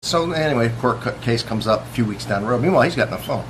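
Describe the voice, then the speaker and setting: A police officer talking casually to the camera in a boastful, contemptuous way. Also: male voice, mid-range voice, animated, fast, fairly bright tone. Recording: noisy recording.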